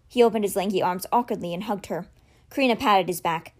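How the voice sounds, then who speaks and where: A woman reading a novel aloud, shifting her voice for the dialogue. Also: brisk. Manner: expressive, shifts pitch for dialogue. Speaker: audiobook reader.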